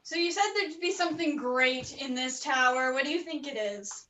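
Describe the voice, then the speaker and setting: A woman's voice: high-pitched, slow pace, heavily acted. A woman playing a sulky brooding princess. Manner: sulky, deadpan. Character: gloomy brooding fairy-tale princess. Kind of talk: online improv comedy. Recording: roomy, distant mic.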